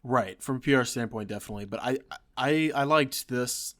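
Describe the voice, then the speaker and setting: A man co-hosting a casual gaming podcast, talking in a relaxed way and giving short agreeing replies. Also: medium pitch, brisk. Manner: relaxed, reads blog text aloud, short agreeing replies. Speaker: podcast co-host.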